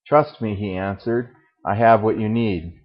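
A patient, steady stranger bringing fire, read by a man, gently inviting in a fairly low voice. The story is read aloud during a sermon on a dull, lo-fi recording. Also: measured pace. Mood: calm.

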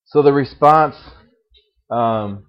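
A man's voice: medium pitch, slow pace, lo-fi sound. A man preaching a sermon as pastor, earnest, asking his listeners questions along the way. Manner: earnest, asks the audience questions.

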